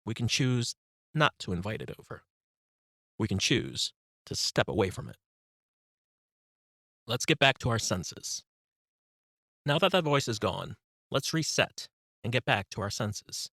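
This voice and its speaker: Male audiobook narrator, meditation guide, calm and instructive, bright voice, dry booth. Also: mid-range voice, creaky, no echo. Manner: calm, instructive, slow cues.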